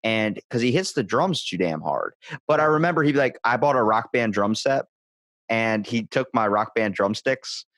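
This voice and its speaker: Animated, profane young man telling stories. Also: normal speed, no room sound. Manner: animated, profane, acts out quotes in a higher voice. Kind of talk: casual storytelling chat.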